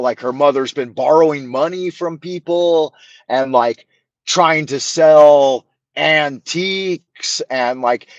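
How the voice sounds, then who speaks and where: A man's voice: fairly high pitch, dry recording, rough recording. A man hosting a show, telling a rambling story in casual talk, profane and wry. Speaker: show host.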